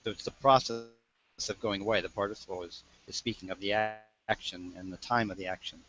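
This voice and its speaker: A man's voice: fairly low pitch, steady tone, fast talker. A man taking part in a casual Bible study on a video call, explaining his points and thinking aloud with many filler phrases. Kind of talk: casual discussion. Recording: muffled video call audio.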